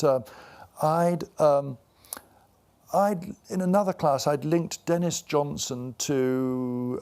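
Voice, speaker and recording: A man's voice: medium pitch, darkish tone. A man in his sixties, an author and guest, telling rambling anecdotes with lots of fillers and restarts in a live onstage conversation. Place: event before a live audience.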